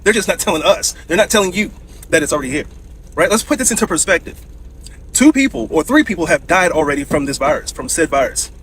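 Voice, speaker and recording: A man's voice: a little high, expressive, fast, fairly bright tone, a little hiss or hum, poor audio. A man giving viewers a casual, urgent warning and repeating his points. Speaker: social media commentator.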